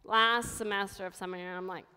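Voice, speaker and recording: A woman's voice: medium pitch, fairly even intonation, quick pace, pushed and bright, smooth, in a large hall. A woman in her thirties giving a sermon, telling her own story in a candid, conversational way. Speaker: preacher. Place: church sanctuary.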